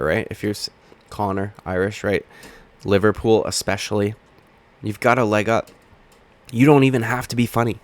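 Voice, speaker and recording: A man hosting a heated, profane commentary video, talking straight to his camera as he argues his points. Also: fairly low pitch. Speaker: MMA commentary channel host. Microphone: webcam or camera mic.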